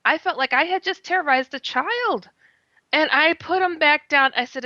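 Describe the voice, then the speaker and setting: Bright-voiced woman telling a lively story. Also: high voice, normal speed, no echo. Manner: lively, laughs often, acts out her own quoted words. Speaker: guest. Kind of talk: animated first-person storytelling. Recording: slightly muffled lo-fi sound.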